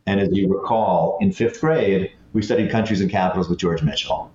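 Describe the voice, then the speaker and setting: A man's voice: low voice, brisk, a little mellow, echoey room, lo-fi sound. A man in his late fifties, a guest telling stories in a chatty, self-deprecating way with many restarts. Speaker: guest, former head boy. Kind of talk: casual conversation.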